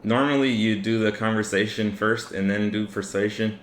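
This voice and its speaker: A man running a tabletop game as game master, narrating the scene in a relaxed way with many fillers. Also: lowish voice, normal speed. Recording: echoey room with faint ambient noise.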